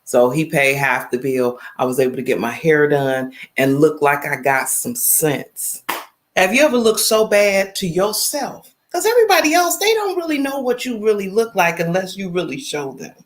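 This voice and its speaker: A woman in her fifties hosting a casual livestream, talking straight to her viewers in an animated, emphatic storytelling way. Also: on the low side, normal speed. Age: 50s. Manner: animated, emphatic, storytelling, addresses chat directly. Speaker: livestream host.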